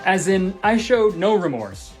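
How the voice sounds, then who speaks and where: A man putting on an over-excited, cheerfully callous young male family vlogger with a peppy greeting style. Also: high voice, measured pace, over music, voice pushed up.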